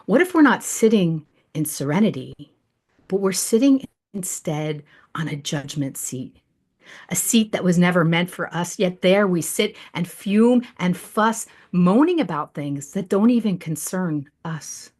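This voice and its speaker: A woman reading her own rhyming devotional poem slowly and softly over a video call. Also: on the low side, expressive. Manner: slow, hushed rhyming recitation. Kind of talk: recited devotional poem, then casual chat.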